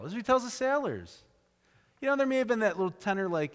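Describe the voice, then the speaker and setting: A man preaching a sermon, retelling a story with animated quoted voices. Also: extremely high pitch, fast talker, clear, resonant tone, in a large hall. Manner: animated storytelling, quoting characters in raised voices.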